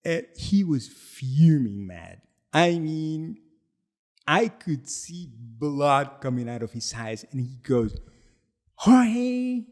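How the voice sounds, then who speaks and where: On a podcast he co-hosts, a product founder shares a story at a slow pace and medium pitch. He keeps it casual and animated, laughing often and acting out what people said.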